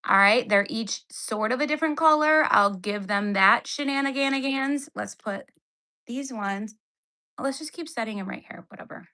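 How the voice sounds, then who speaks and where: High, bright-voiced annoyed woman livestreaming. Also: moderate pace. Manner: exasperated, sarcastic, chatty. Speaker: livestream host. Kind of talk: casual livestream unboxing. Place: home, indoors.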